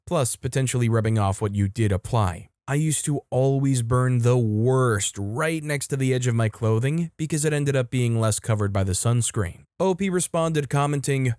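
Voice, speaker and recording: A man narrating online stories aloud and adding relaxed, conversational comments of his own. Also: medium pitch, dry recording, studio quality. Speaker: story narrator. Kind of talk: reading online posts with casual commentary.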